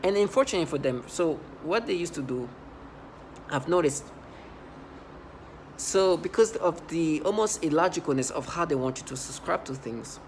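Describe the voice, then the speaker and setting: A vlogger delivers a rambling personal monologue in an agitated, intense voice of middling pitch. The talk keeps breaking off and restarting, jumping into quoted asides, and swings from loud outbursts down to low muttering. A faint hiss of noise sits under the voice.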